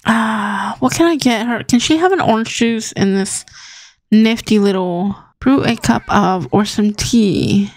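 A woman's voice: on the high side, measured pace, darkish tone, no room sound. A young woman hosting a gaming channel, chatting casually as she plays and talking to her game characters. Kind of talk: casual gameplay commentary.

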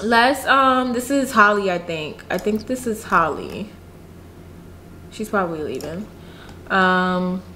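A woman's voice: on the high side, sharp tone, slight background noise. Chatty, slangy woman gamer. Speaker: gaming youtuber. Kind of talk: casual let's-play commentary.

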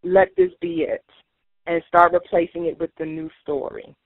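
A woman's voice: on the low side, big pitch swings, moderate pace, vocal fry. Workshop leader, female, emphatic coaching voice, phone-line sound. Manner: emphatic, urging, rising to near shouts. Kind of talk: guided emotional release exercise. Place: teleconference call. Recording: tinny conference call line.

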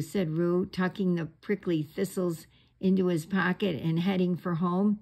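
A woman reading a bedtime story aloud in a gentle, unhurried way. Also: lowish voice.

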